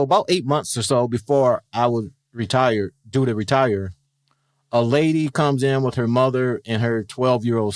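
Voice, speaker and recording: A man's voice: mid-range voice, no room sound, clean studio sound. A middle-aged man, a retired police officer, telling stories in a casual interview and acting out the voices in them. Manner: animated storyteller who acts out quoted dialogue.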